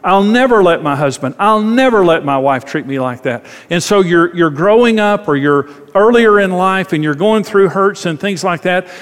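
A man's voice: sits high, expressive, moderate pace, hardly any pauses, long reverb tail. A man preaching a sermon as a pastor, talking conversationally, acting out quoted voices and repeating phrases.

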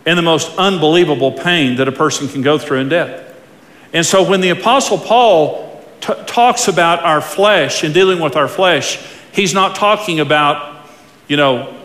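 A man preaching a sermon with emphatic delivery, swinging from hushed asides to loud bursts. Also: a little high, echoey room, long reverb tail. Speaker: pastor.

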